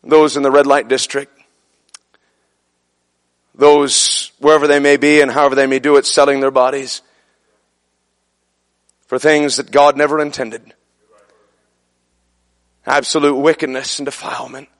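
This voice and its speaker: A man preaching a fervent sermon, building to shouted peaks. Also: medium pitch, little pitch movement, a little slow, long pauses. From son of a Brooklyn man.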